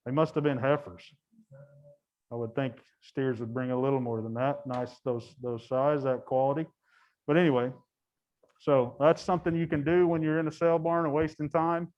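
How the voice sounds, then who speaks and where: A man's voice: medium pitch, normal speed, highs cut off. A man casually commenting while he watches cattle, chatty, laughing often and breaking off his sentences. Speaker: guide.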